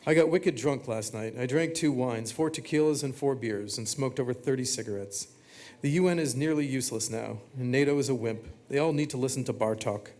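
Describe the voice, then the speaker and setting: A man reading his own text aloud, delivering short confessional quips in a flat, deadpan way. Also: medium pitch, a little fast.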